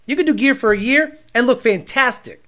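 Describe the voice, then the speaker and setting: A man hosting a livestream and reading chat, talking bluntly and profanely, often bursting into loud shouts. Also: extremely high pitch, brisk. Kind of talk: casual ranting chat.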